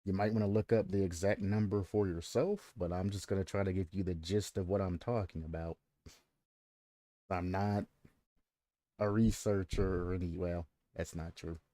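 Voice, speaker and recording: A man's voice: deep voice, steady tone, moderate pace, dark tone, no echo, clean studio sound. A man hosting a stream, ranting at length with plenty of swearing and repeating himself as he makes his point. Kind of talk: casual ranting stream commentary.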